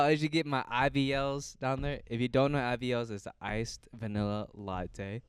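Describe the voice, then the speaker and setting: Smooth-voiced teasing podcast man. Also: mid-range voice, moderate pace, no echo. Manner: teasing, deadpan jokes. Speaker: podcast co-host. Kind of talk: casual chat.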